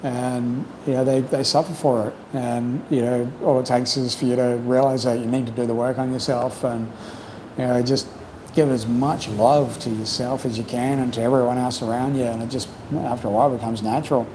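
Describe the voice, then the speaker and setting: A man hosting a casual livestream chat, rambling and reflective, full of "you know", his voice slightly croaky from long talking. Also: mid-range voice, fairly even intonation, normal speed, noisy background. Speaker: livestream host. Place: home in Cambodia.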